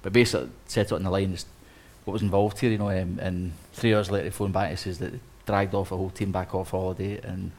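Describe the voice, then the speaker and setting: A man, an interior designer, telling a lively story on a live panel, acting out quotes with many restarts. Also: low voice, quick pace, few pauses. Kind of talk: anecdote on a live panel talk.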